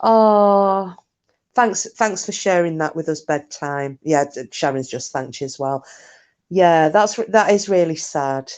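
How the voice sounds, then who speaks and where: A woman's voice: low-pitched, unhurried, a little mellow. A woman chatting casually on a live stream, rambling through stories, answering comments and swearing mildly.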